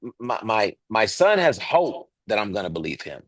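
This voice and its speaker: A man's voice: fairly low pitch, sing-song, normal speed, fairly bright tone, no echo. A man in his thirties, earnest and emphatic, talking as a podcast co-host. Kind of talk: casual podcast talk.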